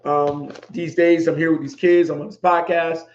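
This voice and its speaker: A man's voice: a little high, level tone, normal speed, slight background noise. A middle-aged man hosting a podcast, talking heartfelt and emotional, repeating himself for emphasis. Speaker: podcast host. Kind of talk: heartfelt livestream talk. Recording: echoey room, dull lo-fi sound.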